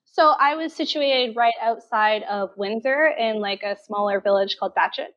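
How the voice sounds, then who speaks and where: A woman's voice: on the high side, normal speed. A woman from Canada telling her teaching story as an interview guest, candid and full of fillers. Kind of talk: casual interview. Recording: dull lo-fi sound.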